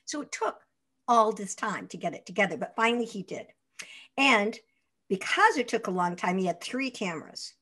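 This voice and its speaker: An older woman whose voice sits at an ordinary middle pitch, speaking as a guest in an interview. She tells stories with relish, laughing easily and putting on little voices for the people she quotes. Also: moderate pace. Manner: lively, laughing raconteur acting out quotes. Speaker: actress guest. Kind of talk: anecdotal interview storytelling.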